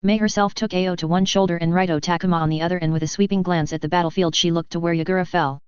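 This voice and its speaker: A reader narrating a first-person fan fiction story aloud in a brisk, even storytelling read. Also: medium pitch, clear, resonant tone, dry recording. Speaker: audiobook reader. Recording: dull lo-fi recording.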